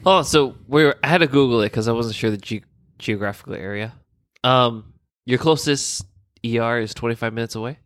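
A man's voice: medium pitch, a little fast, a bit bright, no echo, clean studio sound. A man in casual chat who reacts with short questions and exclamations.

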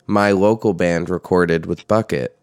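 A young man with a low, gravelly yet smooth voice, talking loosely and animatedly about music and swearing casually. The sound is dry and close with no room echo. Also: unhurried. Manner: animated, swears casually, pitch jumps when quoting himself. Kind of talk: casual chat.

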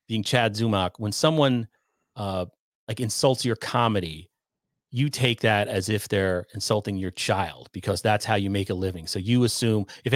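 A man's voice: fairly low pitch, no echo, clean studio sound. A man hosting a live stream, casually questioning his guest and reading out viewer comments, with many fillers.

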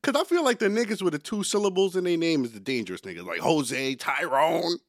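A man in his forties co-hosting a podcast, telling a story with lively quoted voices in casual banter. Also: fairly high pitch, a little fast, dry recording, clean studio sound. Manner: animated storyteller, acts out quotes loudly. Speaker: podcast co-host.

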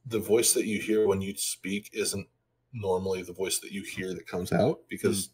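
A man co-hosting a casual podcast, talking in a mellow, monotone, low-energy way. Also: moderate pace, a little hiss or hum. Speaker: podcast co-host. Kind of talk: casual chat.

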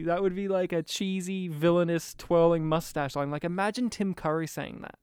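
A man casually reviewing a film with a co-host, animated and sweary, often mimicking lines. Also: a little high, moderate pace, clear, resonant tone, no room sound. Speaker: podcast co-host.

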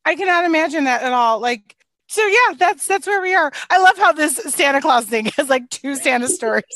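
A young adult woman, a former youth minister, telling stories in casual chat, animated and laughing often as she acts out quotes. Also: high voice, fairly quick, slight background noise.

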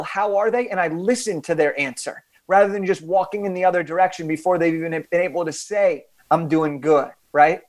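A young adult man, an author and podcast guest, telling a story with animated emphasis and frequent restarts. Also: sits high.

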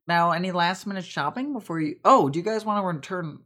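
A woman's voice: on the low side, animated, a little fast, a bit bright. A woman running a tabletop role-play game as game master, narrating casually with many fillers.

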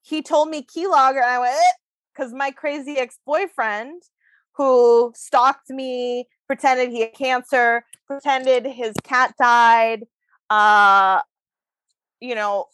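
A woman's voice: a little high, steady tone, takes it slowly, a bit bright, no echo. A woman co-hosting a podcast, telling a long story in a chatty, swearing, laughing way. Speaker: podcast co-host. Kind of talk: casual chat.

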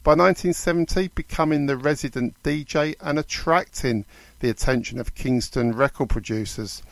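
A man's voice: medium pitch, moderate pace, creaky, no echo. A man hosting a radio music show, reading artist histories in a lightly conversational way. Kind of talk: radio DJ narration.

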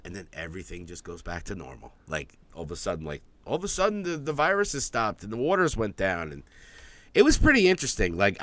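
A man's voice: low voice, a bit bright. A man co-hosting a podcast in casual chat, joking around and swearing. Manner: joking, profane. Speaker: podcast co-host.

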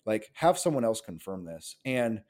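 A man's voice: on the low side, big pitch swings, moderate pace, darkish tone. A man around forty, a pastor, telling his story in a casual interview, rambling and earnest with lots of filler words. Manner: rambling, earnest, heavy use of "like".

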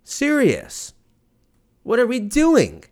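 A man's voice: very high-pitched, wildly swooping pitch, slow pace, a little mellow. A man in his thirties hosting a podcast, ranting casually in a profane, rambling, sarcastic way. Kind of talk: casual rant.

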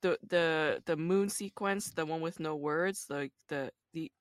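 A woman interviewer with a lower voice, recorded dry and close. She speaks in a relaxed, reflective way, warmly affirming her guest's ideas and praising the work. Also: measured pace, no echo. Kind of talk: casual interview chat.

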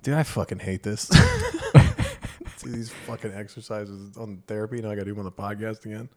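A man's voice: fairly low pitch, huge pitch swings, normal speed. A man co-hosting a podcast, casually telling a candid, self-deprecating story and acting out the lines of others. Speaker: podcast co-host.

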